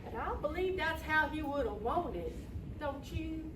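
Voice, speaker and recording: A woman voicing a chatty, excitable male sheriff in a rambling folksy drawl, recorded from far off in a roomy, noisy hall. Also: very high voice, moderate pace. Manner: rambling, bursts into excited shouts.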